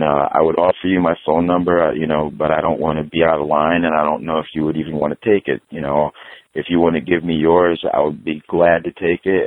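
A middle-aged man and punk musician, casually telling a profane story and acting out the dialogue. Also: low voice. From New York. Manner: profane, animated storyteller who acts out dialogue. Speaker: guest, hardcore punk musician. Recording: phone-like dry remote audio.

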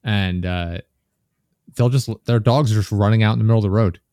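A man's voice: fairly low pitch, a little fast, warm tone, dry recording, clean studio sound. A young man, a podcast guest, chatting casually and telling rambling anecdotes with chuckles.

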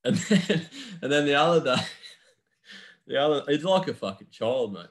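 A man's voice: fairly high pitch, animated, normal speed. A young man co-hosting a casual podcast chat, telling stories while laughing and swearing freely. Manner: laughing storyteller, swears a lot. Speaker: podcast co-host.

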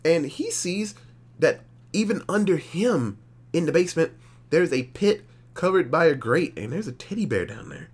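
Man, podcast co-host, casual movie review, animated, swears a lot, wide-ranging pitch. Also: normal speed, breathy edge. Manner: animated, profane storytelling.

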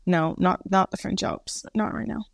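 A woman's voice: medium pitch, normal speed, vocal fry, no echo, studio quality. A young adult woman co-hosting a podcast in casual chat, matter-of-fact and a little teasing. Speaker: podcast co-host.

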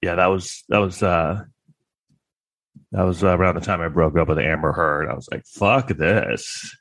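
A man's voice: low voice, level tone, moderate pace, fairly bright tone, no echo. A man delivering a rambling, crude, sarcastic comedic monologue.

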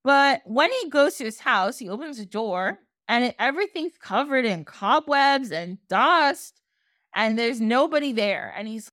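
Woman podcast host, lively storyteller, fairly high voice, dry close mic. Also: a little slow, dry recording. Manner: animated, laughs often. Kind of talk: casual storytelling.

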